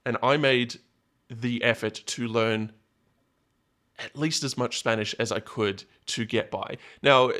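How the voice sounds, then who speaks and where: A man's voice: medium pitch, fairly even intonation, slow, pushed and bright. A man talking to camera in a rambling, self-correcting solo commentary, drifting into anecdotes. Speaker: political commentator.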